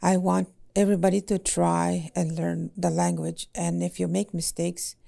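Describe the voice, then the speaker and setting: Woman language teacher, very gravelly, dark voice, halting with "eh?" tags. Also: fairly low pitch, level tone. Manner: halting, many fillers and "eh?" tags. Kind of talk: casual podcast conversation.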